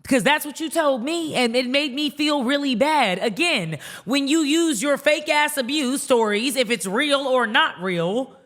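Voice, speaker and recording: A young adult woman podcaster telling a heated callout story to camera, rapid and indignant, acting out what others said. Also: sits high, expressive, a bit bright. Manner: indignant, rapid storytelling, acts out quoted dialogue.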